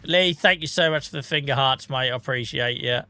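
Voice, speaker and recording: Bright-voiced man chatting on stream. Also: medium pitch, brisk, soft background music. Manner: chatty, self-mocking, reads out viewer comments. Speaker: livestream host. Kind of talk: casual chat with viewers while gaming.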